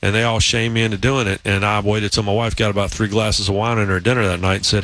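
A man's voice: lowish voice, little pitch movement, fast, a bit bright. A man hosting a sports talk show, telling long stories in a casual, rambling way. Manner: storytelling, rambling with restarts. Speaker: podcast host.

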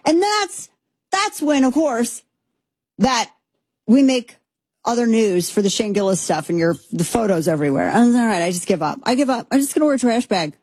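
Husky, sarcastic woman commentator. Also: a little high, normal speed, no echo. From Texas, USA. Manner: animated, sarcastic, rambling with restarts. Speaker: commentary show host. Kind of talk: opinionated monologue commentary.

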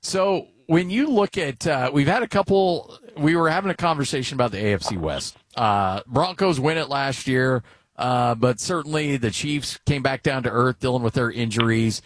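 A man's voice: mid-range voice, normal speed. A man in his forties hosting a sports radio show, chatting casually and telling stories about his teenage son. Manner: chatty, tells stories with lively quoted voices.

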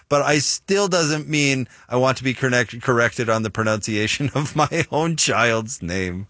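A man's voice: mid-range voice, moderate pace, hardly any pauses, no echo, clean studio sound. A man with a Utah American accent, hosting a sports radio show in casual, chatty talk. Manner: chatty, self-deprecating, animated storyteller.

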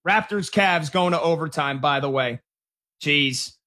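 A man co-hosting a live sports talk show, calling game results with excited emphasis. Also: on the high side, measured pace. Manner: excited, emphatic score updates.

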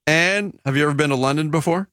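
A man's voice: a little high, fast talker, dry recording, studio quality. A man hosting a sports radio show, joking with co-hosts and a contest winner. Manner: lively, joking, animated.

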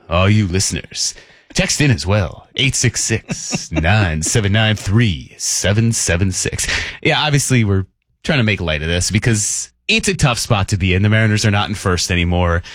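A man's voice: lowish voice, a bit bright, dry recording. A man co-hosting a morning sports radio show from a studio, joking and reading listener texts aloud in an upbeat way. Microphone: studio microphone.

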